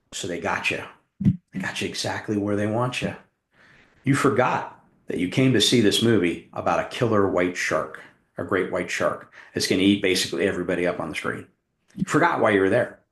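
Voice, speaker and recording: A middle-aged man from Arizona giving a workshop talk, telling a story with animated, acted-out scenes. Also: fairly low pitch. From Tucson, Arizona. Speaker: workshop presenter, hypnotist coach. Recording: roomy echo.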